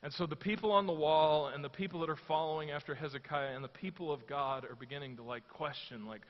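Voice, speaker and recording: A man's voice: a little high, fairly quick. A male pastor giving a sermon in a church hall, telling the story in a casual, conversational way and acting out what people say. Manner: conversational storytelling, acts out quotes. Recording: echoey hall, dull lo-fi sound.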